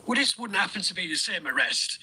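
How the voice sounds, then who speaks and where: High, lively, bright-voiced man teasing. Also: fairly quick, noisy background. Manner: teasing, sarcastic. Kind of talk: mocking commentary in a played video.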